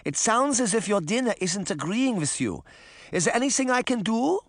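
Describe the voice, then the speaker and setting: A man voicing a kindly old grandmother in a storybook reading, gentle and genteel in her concern. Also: sits high, sing-song, normal speed, no echo, studio quality, pitched above the performer's own voice, full character voice.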